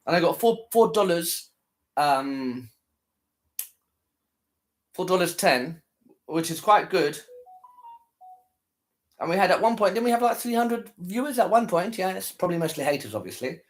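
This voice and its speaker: A worn-out man talks loosely to his viewers after a long live stream. His voice sits a little high for a man, and he rambles, repeats phrases and lets sentences trail away. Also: expressive, normal speed, long pauses. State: tired, worn out.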